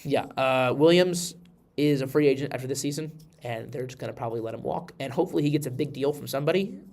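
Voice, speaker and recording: Talking football on his podcast, this host has a gravelly, mid-range voice that's a bit congested and slightly nasal. He speaks quickly, and the casual sports chat is rambling and animated, full of restarts.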